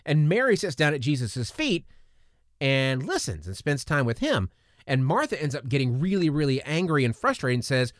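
Podcast host, male, earnest and rambling, fairly high and lively voice, dry close sound. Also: normal speed, no echo. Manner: earnest, rambling, frequent restarts and repeated words. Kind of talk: casual faith-based podcast talk.

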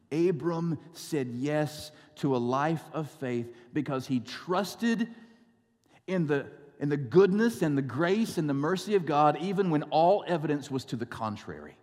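A male pastor preaching a sermon, stretching out scripture slowly and telling stories with wry asides. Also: fairly high pitch, big pitch swings, darkish tone. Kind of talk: sermon with storytelling. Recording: long reverb of a large hall.

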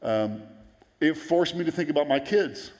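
A man in his forties preaching a sermon, telling stories in a lively way and acting out the voices of the people he quotes. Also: on the high side, moderate pace. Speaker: pastor. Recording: long hall reverb.

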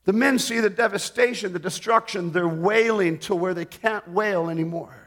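Middle-aged guy preaching, high bright voice, slow and dramatic, gets loud then drops quiet. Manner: expressive, rising and falling in volume, jokes with the audience. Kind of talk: sermon.

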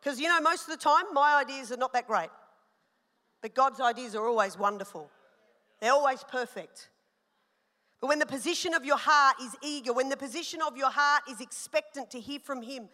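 Woman pastor, high and bright, sermon delivery with long hall reverb. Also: moderate pace. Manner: animated, personal storytelling with rising emphasis.

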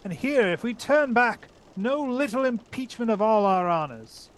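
A man's voice: very high voice, animated, moderate pace, pitched above the performer's own voice. A man reading aloud and voicing a valiant, proud male talking mouse knight with a grand, formal manner.

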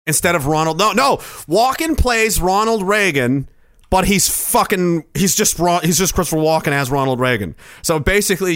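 A man's voice: a little high, a bit bright, no echo, studio quality. A man hosting a stream, rambling casually, joking, laughing often and swearing. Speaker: streamer host. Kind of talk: casual comedic chat.

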